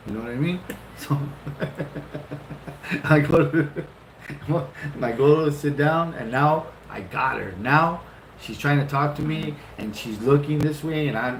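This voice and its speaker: A middle-aged man casually telling a long, funny story, swearing freely and jumping up in pitch for retold lines. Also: noisy background. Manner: animated, profane, laughing often, jumps into high-pitched retellings. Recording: roomy echo.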